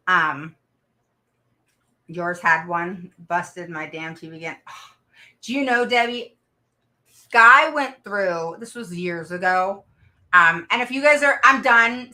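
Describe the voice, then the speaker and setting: A woman's voice: on the low side, bright, forceful tone. A middle-aged woman chatting casually with viewers on a livestream, telling family stories and laughing often. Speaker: autism parent advocate livestream host.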